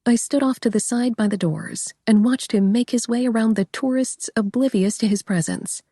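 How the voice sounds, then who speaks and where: A woman's voice: fairly high pitch, mellow, husky, no echo, clean studio sound. A young woman reading a first-person audiobook in a wry, conversational way. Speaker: audiobook narrator.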